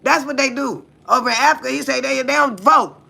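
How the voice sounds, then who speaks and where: Her voice sits high and is creaky, pushed and bright as this American livestream host talks fairly quickly. In casual stream chat she speaks bluntly, swears freely and fires rhetorical questions at her audience.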